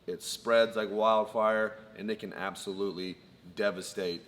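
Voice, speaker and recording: A man with a somewhat low voice breaks down a fight point by point in relaxed talk. His voice carries a long room reverb. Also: normal speed. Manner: methodical, lists points in order. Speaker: co-host, fight analyst. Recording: long reverb, faint background noise.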